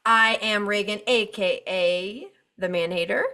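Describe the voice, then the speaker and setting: A woman's voice: medium pitch, measured pace. A woman co-hosting a podcast in casual chat, joking and laughing often. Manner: giggly, animated, jokey. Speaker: podcast co-host.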